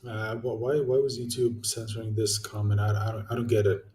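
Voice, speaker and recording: A young man vents to his viewers in a loose, rambling rant, swearing freely and restarting his sentences. His voice is mellow and dark. He sits a little back from the mic in an echoey room. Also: lowish voice, level tone, brisk, distant mic. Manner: blunt, swears, many fillers and restarts. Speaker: YouTuber answering viewer comments. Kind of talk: casual ranting vlog.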